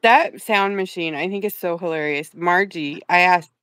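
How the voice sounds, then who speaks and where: A woman's voice: on the low side, moderate pace, a bit bright, clear, resonant tone, dry recording. A woman co-hosting a live paint-along stream, chatting casually in a giggly, self-deprecating, playful way.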